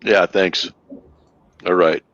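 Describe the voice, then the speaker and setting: A man's voice: low voice, steady tone, slow, a bit bright, no echo, lo-fi sound. A man hosting a casual livestream, telling playful stories and laughing often. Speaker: ministry host. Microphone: webcam.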